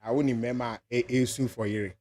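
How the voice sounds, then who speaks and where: A man's voice: medium pitch, fairly even intonation, brisk, darkish tone, faint music behind. A man with a Ghanaian accent hosting a radio talk show, arguing his point steadily in English and Twi. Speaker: radio host. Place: radio studio.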